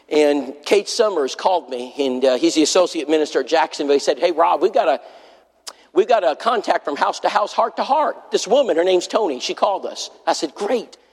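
A man's voice: a little high, normal speed. A man preaching a sermon, pleading with the congregation and telling a story full of quoted dialogue. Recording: long hall reverb.

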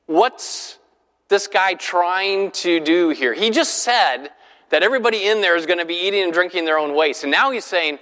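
Leading a Bible class in a chatty style, this man constantly asks his listeners rhetorical questions. His high-pitched voice is animated, pushed and bright, at a moderate pace, and the recording carries long hall reverb.

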